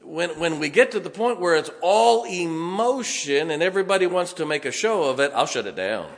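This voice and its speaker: Delivering a sermon, this pastor is lively and folksy, cracking jokes, telling stories, and getting louder to stress his points. He speaks at a moderate pace in a voice on the high side.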